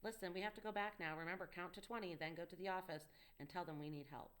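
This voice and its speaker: A woman's voice: lowish voice, steady tone, quick pace, natural voice. Woman voicing an earnest young male tutor. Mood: coaxing. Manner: coaxing, urgent, reassuring. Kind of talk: audiobook dialogue reading.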